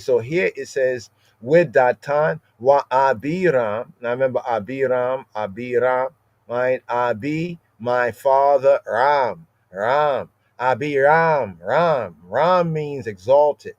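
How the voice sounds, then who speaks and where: Man, bible study teacher, slow deliberate delivery, dry close sound, keeps asking "right?". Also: medium pitch, no echo, lo-fi sound. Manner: repetitive, asks "right?" constantly, spells out words. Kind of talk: informal scripture lesson.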